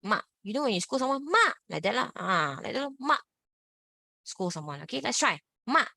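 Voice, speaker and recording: A woman's voice: medium pitch, expressive, quick pace, creaky, sharp tone, no room sound. A woman teaching an online Mandarin class, drawing out each tone in big swoops and leading repeat-after-me drills. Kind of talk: online language lesson.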